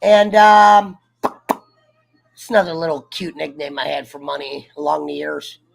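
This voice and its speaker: A man hosting a casual livestream chat, joking and swearing while reading shout-outs from the chat. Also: on the high side, flat delivery, unhurried, gravelly, soft background music. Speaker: show host.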